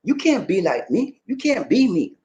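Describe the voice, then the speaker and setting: A man vlogging in a casual live chat, animated and preachy, asking questions and answering them himself. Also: high-pitched, moderate pace, highs cut off.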